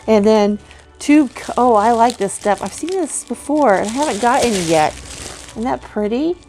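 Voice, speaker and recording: Middle-aged woman, unboxing chat, slow and gushing, soft music underneath. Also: a little high. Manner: excited, gushing, many oohs and soft gasps. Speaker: vlogger unboxing a giveaway box.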